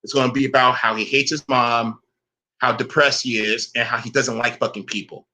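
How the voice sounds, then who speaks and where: Man ranting with a bright edge. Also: medium pitch, steady tone, normal speed. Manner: confrontational and profane. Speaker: online commentator. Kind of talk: casual rant to camera.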